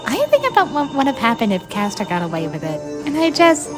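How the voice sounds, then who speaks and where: A woman voicing a sympathetic young female lawyer in a fan dub, speaking softly, with music behind. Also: on the high side, huge pitch swings, brisk. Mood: concerned.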